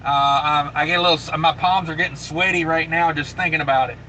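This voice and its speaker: A man chats loosely on a trucking livestream, reading out viewer comments and repeating himself as he goes. His voice sits a bit high and comes across tense and forceful. A faint hum of vehicle noise runs underneath. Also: steady tone, brisk, low-quality recording. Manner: laid-back and rambling, with many fillers and repeated phrases. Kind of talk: casual live chat, reading viewer comments aloud.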